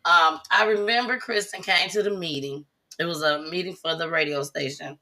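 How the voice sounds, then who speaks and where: A woman hosting a casual talk show, telling stories animatedly and bursting into loud, high impressions. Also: fairly quick, a crowd in the background. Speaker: host. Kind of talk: casual chat.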